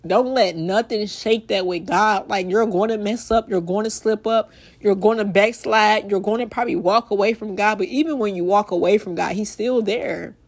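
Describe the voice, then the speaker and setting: A woman's voice: mid-range voice, steady tone, moderate pace. An emotional young woman talks on her faith podcast, close to tears. Her delivery is heartfelt and loose, full of "like" and repeated phrases. She ends up praying aloud. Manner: heartfelt, repetitive "like", ends in spoken prayer. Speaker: podcast host.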